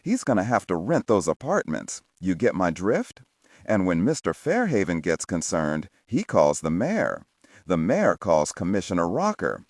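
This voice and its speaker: A gruff, bossy police captain, acted by a man narrating an audiobook, pushes his orders hard and keeps asking if you follow. His voice sits low but swings widely. The sound is dry and close. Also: wildly swooping pitch, unhurried, no room sound, full character voice. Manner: blunt, pushy, rhetorical questions.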